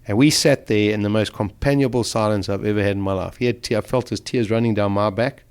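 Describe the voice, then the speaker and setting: A man's voice: fairly low pitch, fairly even intonation, quick pace, darkish tone, smooth. A middle-aged man, a guest in an interview, vividly and emotionally retelling a survival ordeal. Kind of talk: storytelling in an interview.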